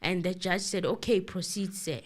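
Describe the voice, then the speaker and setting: Woman chatting thru a court case, animated, quoting everyone. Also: on the low side, moderate pace. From South Africa. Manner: animated, laughs, exclaims, quotes the court exchanges. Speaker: commentator recapping a court trial. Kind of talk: casual chat.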